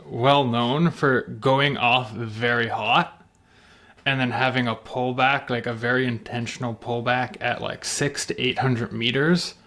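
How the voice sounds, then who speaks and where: Male co-host, measured and reflective, casual conversation. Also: medium pitch, steady tone, fairly bright tone. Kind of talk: casual podcast talk.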